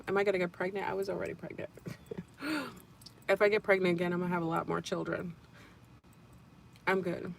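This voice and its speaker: A woman's voice: medium pitch, gravelly, a little hiss or hum. A woman hosting a casual livestream, telling a spiritual story in a rambling way and repeating and restarting her phrases.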